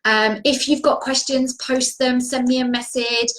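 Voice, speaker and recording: A woman's voice: high-pitched, fairly even intonation, a little slow, fairly bright tone, rough recording. A woman coaching viewers on a live video stream, talking earnestly and encouragingly, often restarting her sentences. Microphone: video call.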